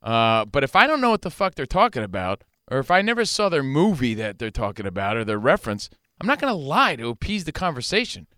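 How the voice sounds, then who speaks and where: A lively, profane man hosting a talk show, his pitch swinging widely and his tone bright and clear. He argues his point with quick, animated energy. The mic is close and dry, with no room sound. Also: dry recording. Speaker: radio show host. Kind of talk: casual talk show banter.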